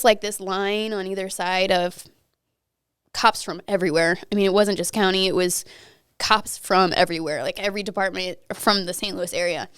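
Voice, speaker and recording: A woman's voice: medium pitch, smooth, no echo, studio quality. A young woman, a podcast guest, earnestly retelling a personal story and acting out what each person said. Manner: earnest, vivid retelling that acts out her own and others' words.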